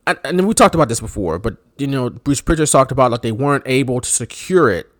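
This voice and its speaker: A man co-hosting a podcast in casual chat, animated and joking. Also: mid-range voice, fast talker, no room sound, clean studio sound. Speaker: podcast co-host.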